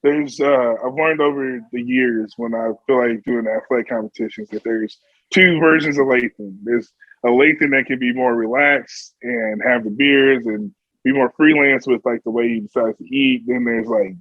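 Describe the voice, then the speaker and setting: Brief: male podcast guest, mid-pitched, jokey, on a dry, slightly dull line. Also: fairly even intonation, moderate pace, no echo. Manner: jokey, laughs easily. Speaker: podcast guest, competitive powerlifter. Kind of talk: casual chat.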